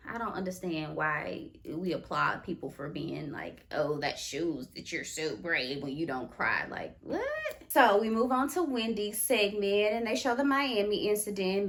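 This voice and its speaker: A woman giving casual, sassy commentary on a reality TV show, expressive and exclamatory. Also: a little high. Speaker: reality TV recap vlogger.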